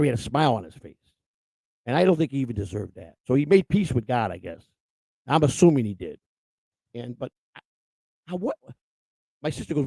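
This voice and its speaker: A man's voice: a little high, dry recording. A man hosting a livestream show, telling a rambling personal story in a casual, profane way. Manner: rambling, profane, laughs at his own story.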